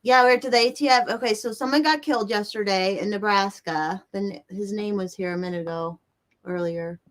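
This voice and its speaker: An excitable woman runs a casual livestream indoors near a bright window, going through viewers' comments. Her medium-pitched voice moves fairly quickly as she rants, swears freely and lets out nervous laughs.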